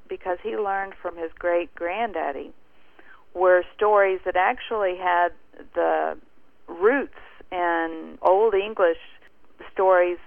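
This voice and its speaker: A woman tells a story with lively, animated energy as a guest on a call. Her voice has a gravelly edge and sounds close and dry. The sound comes through a tinny phone line. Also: on the low side, dry recording. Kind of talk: casual storytelling over the phone.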